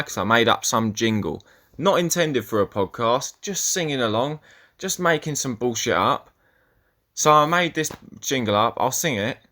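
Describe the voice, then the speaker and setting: Pushed and bright at a medium pitch, this young man's voice carries his solo podcast. His talk meanders, is full of swearing, and is often chopped off before he finishes a sentence.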